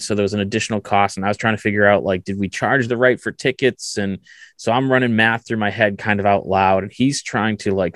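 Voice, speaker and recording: Man, podcast host, low voice, relaxed self-deprecating storytelling, dry close sound. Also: no room sound. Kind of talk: casual storytelling chat.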